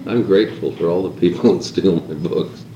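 At normal speed and with lo-fi sound, a low-pitched man leads a casual talk before a small group. His style is reflective and rambling, heavy with repeated calls to "consider." Faint hiss and echo from the room are audible.

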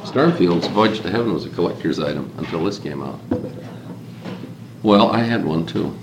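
A man's voice: low voice, animated, normal speed, creaky. A man leading an informal talk to a small group, reflective and rambling, stacking up repeated calls to "consider" as he goes. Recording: echoey room with faint hiss.

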